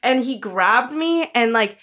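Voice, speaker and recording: A woman co-hosting a podcast with a fairly high voice. She tells stories in a chatty, animated way. She keeps adding fillers and acts out what people said. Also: slow pace. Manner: animated storytelling, lots of fillers, acts out quotes. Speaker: podcast co-host. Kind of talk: casual chat.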